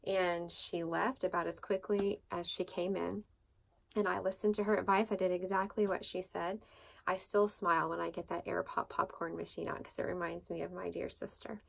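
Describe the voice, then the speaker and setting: A woman's voice: lowish voice, level tone, normal speed, vocal fry. A woman hosting a devotional talk who shares a personal faith story in a loose, conversational way, with many fillers and restarts. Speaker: devotional podcast host.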